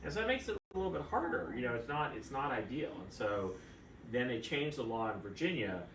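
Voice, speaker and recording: A man, a fertility doctor, chatting casually and telling animated stories, with a distant mic in a roomy space and steady background noise. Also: medium pitch, brisk. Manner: animated storyteller, acts out quoted voices. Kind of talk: casual conversational storytelling.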